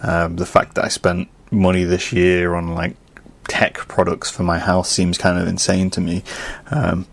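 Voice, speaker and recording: A young man hosting a podcast, ranting casually and swinging from low muttering to loud exasperated outbursts. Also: monotone, unhurried, gravelly. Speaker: podcast host.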